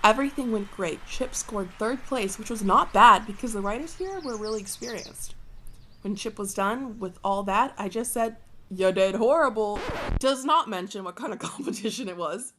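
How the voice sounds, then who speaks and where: A woman's voice: mid-range voice, moderate pace, pushed and bright, a little hiss or hum. Playful woman reading fanfiction aloud. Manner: playful, laughs at her own reading. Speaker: channel host reading fanfiction. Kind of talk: reading a fan story aloud with joking asides.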